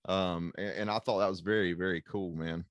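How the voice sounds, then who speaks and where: A man's voice: deep voice, fairly even intonation, moderate pace, dry recording, clean studio sound. A man joining a casual scripture discussion, speaking informally and with enthusiasm.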